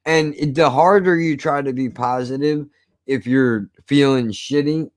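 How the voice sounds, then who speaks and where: A man's voice: medium pitch, unhurried, no echo. Blunt, swearing man with a smoker's voice. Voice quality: rough voice worn from smoking. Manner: blunt, profane, cynical. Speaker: host. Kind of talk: casual chat.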